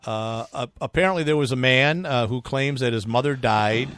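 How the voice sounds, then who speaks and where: A man's voice: medium pitch, moderate pace, no echo. A man co-hosting a casual talk show, joking and acting out mock fear. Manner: jokey, animated, acts out mock fear. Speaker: co-host. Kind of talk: casual chat.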